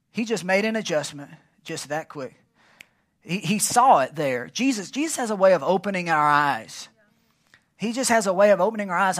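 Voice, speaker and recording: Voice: mid-range voice, a bit bright. A pastor preaching a sermon at a church service, emphatic and prompting the congregation to fill in words.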